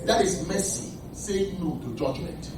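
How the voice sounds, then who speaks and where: A man with a Nigerian accent preaching a sermon, animated, shouting and laughing, calling to his congregation for answers. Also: high voice, measured pace, background noise. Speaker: pastor. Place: church. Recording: echoey church hall, mic at a distance, congregation audible. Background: responding congregation.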